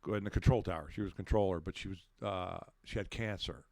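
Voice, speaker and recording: A middle-aged man telling a story on a podcast in a casual way. He swears freely and acts out the shouts and quotes of the people in it. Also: low-pitched, quick pace, creaky, dry recording, studio quality.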